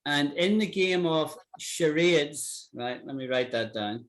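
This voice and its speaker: Man, from Britain, English teacher, online lesson, unhurried, repeats words clearly. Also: on the high side, lively intonation. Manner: patient, repeats words slowly to model pronunciation.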